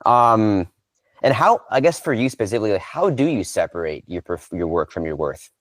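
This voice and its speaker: A man with a very low voice hosts a podcast, affirming his guest and asking reflective questions in a loose, filler-laden way. The sound is dry and close, with no room around it. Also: sing-song, fairly quick, no room sound. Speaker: podcast host. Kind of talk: casual conversational interview.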